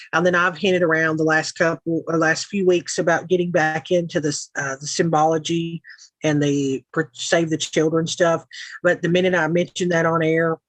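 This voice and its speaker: A woman from Middle Tennessee with a Southern Tennessee accent hosts a casual livestream chat from her home, frank and sarcastic, with frequent asides. Her voice sits low, and the recording is rough but has no echo.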